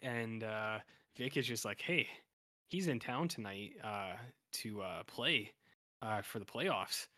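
A man's voice: fairly low pitch, takes it slowly, sharp tone, no room sound, clean studio sound. A man co-hosting a podcast, casually recapping an episode in a rambling way, full of fillers and restarts. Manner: rambling, filler-heavy storytelling. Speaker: podcast co-host.

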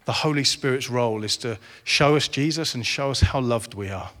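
A man's voice: mid-range voice, moderate pace, fairly bright tone. A man in his forties preaching a sermon, earnest and rising to impassioned. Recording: reverberant hall.

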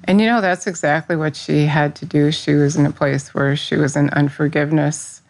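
A woman's voice: low voice, fairly even intonation, normal speed, few pauses, a little mellow. A middle-aged woman who teaches Bible study, sharing a personal faith testimony in an earnest, rambling way. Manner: earnest, rambling, with restarts and fillers.

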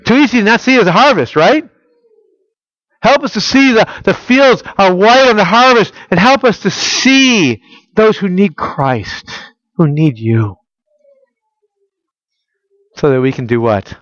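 A man preaching a sermon. He keeps asking the listeners rhetorical questions and swings between loud emphasis and quiet, intimate prayer-like tones. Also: sits high, expressive, unhurried, pauses often, no room sound, lo-fi sound. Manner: asks the audience rhetorical questions. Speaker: pastor.

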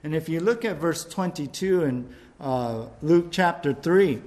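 Preacher, male, slightly high-pitched, chatty sermon delivery with playful asides. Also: animated, unhurried, darkish tone. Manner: conversational preaching, acts out quoted voices; repeats words, frequent "right?" asides. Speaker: pastor.

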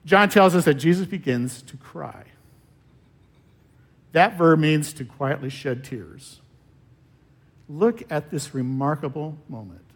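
A male pastor delivering a sermon with a slightly higher voice. He speaks slowly and deliberately, pausing often and letting his phrase endings fall away quietly. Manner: slow, measured preaching with long pauses and trailing-off endings.

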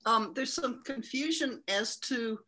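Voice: mid-range voice, a little slow, bright, forceful tone. A moderator reading out questions from listeners in a plain way. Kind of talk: asking questions.

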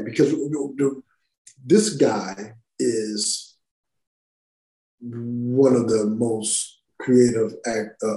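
A male actor chats as a podcast guest, spinning an anecdote with lots of cursing and little voiced-out quotes. His pitch sits in the middle for a man, and the room around him rings with noticeable echo. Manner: profane, animated storyteller acting out quotes. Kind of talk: casual storytelling interview. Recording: roomy echo.

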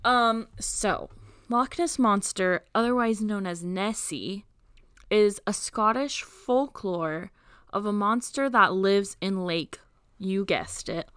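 A woman tells a folklore tale to a friend in a loose, giggly podcast chat, full of ums and likes. Her delivery is slow and drawn out, her voice bright and forward, and the recording is dry and close. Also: mid-range voice, clean tone, no room sound. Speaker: podcast co-host. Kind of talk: casual storytelling chat.

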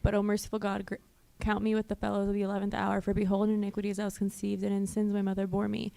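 A woman recites penitential prayers quickly, barely rising or falling in pitch. Her voice is mellow and dark in tone. She keeps a steady, even delivery. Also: creaky. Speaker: prayer reader. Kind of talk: liturgical prayer reading.

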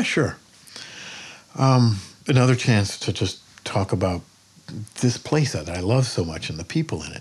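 An older man, a painter, talking in a podcast interview as a plainspoken, lively storyteller who swears freely. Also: lowish voice, breathy edge. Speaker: painter guest.

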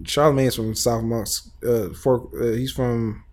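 Podcast co-host, male, mid-pitched, animated and laughing, acts out quotes in casual banter. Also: a little slow. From Nebraska. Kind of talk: casual chat.

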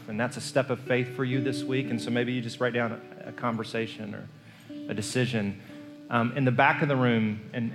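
A male pastor preaching a sermon, telling the story earnestly and moving between hushed and emphatic delivery. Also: mid-range voice. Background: soft guitar music.

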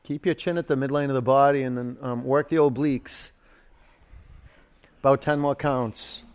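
A man's voice: mid-range voice, steady tone, moderate pace, smooth. A man in his forties teaching a live yoga class, giving cues and counts with chatty, joking asides. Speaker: yoga instructor.

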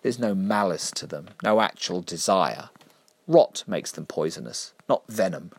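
A mysterious woman from a storybook, calm and unhurried, speaking with cool, knowing certainty, as a male reader puts her on. The voice stays deep and close, in a dry recording. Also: dry recording, full character voice. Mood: cold, knowing. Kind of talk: storybook reading.

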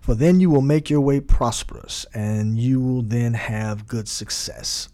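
A man's voice: medium pitch, a little slow, dark tone. A man teaching a bible study in a conversational way, repeating phrases and building emphasis, with frequent fillers.

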